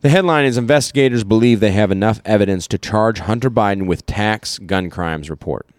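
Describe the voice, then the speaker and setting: A man's voice: fairly low pitch, a little fast, no room sound, studio quality. A man from Iowa co-hosting a podcast, chatting casually about politics, rambling with fillers and restarts. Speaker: podcast co-host.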